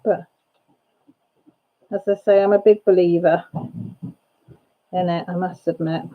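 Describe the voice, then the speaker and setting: Long pauses mark this woman's moderate-paced, medium-pitched delivery, and the audio is narrow and tinny. She hosts a laid-back crafting livestream from her home, rambling chattily and often abandoning a thought midway.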